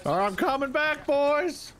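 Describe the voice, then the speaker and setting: A man's voice: very high-pitched, expressive, moderate pace, a bit bright, soft background music. A man co-hosting a gaming podcast, often confused and asking plaintive questions. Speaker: podcast co-host playing a war game. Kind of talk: casual gaming chat. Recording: clear game noise under the voice.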